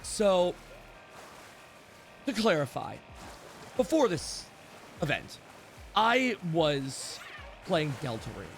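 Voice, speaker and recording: A man's voice: fairly high pitch, big pitch swings, extremely slow, long pauses, soft background music. A young man streaming, telling a rambling story to his chat with lots of "like" and restarts.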